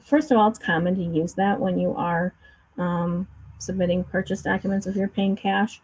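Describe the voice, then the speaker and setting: A woman's voice: mid-range voice, steady tone, normal speed, darkish tone, husky, poor audio. A woman chatting casually on a remote call, explaining finance at length with frequent restarts and fillers. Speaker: co-host discussing a court case.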